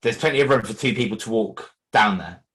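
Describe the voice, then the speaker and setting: A man, a podcast guest in casual chat, talking in a wry, rushed way and tripping over his words. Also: on the low side, fairly bright tone.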